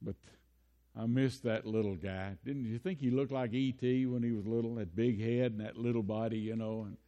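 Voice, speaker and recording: A man's voice: mid-range voice, steady tone, moderate pace, warm tone, lo-fi sound. An older man preaching a sermon, telling folksy personal stories and building into impassioned preaching. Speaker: pastor. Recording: long hall reverb.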